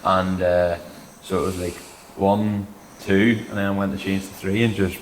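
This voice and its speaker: A man's voice: low-pitched, little pitch movement, moderate pace. A man co-hosting a podcast, telling a story in casual chat, swearing, laughing and acting out quotes. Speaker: podcast co-host. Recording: echoey room with faint noise.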